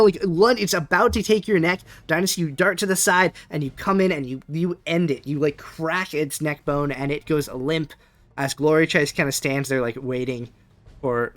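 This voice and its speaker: A man's voice: on the high side, a little fast, a bit bright, dry recording. A man narrating a tabletop game as game master, rambling with many fillers. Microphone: webcam setup.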